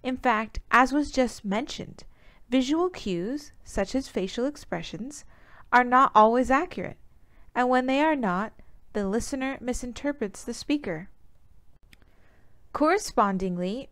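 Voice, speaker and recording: A woman's voice: fairly high pitch, measured pace. Young woman reading a class presentation. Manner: steady, formal reading of citations. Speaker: student presenter.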